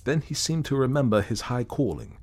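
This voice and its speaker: A man's voice: medium pitch, fairly quick, a little mellow, breathy edge. A man narrating a story in a wry, self-assured manner. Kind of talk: scripted narration.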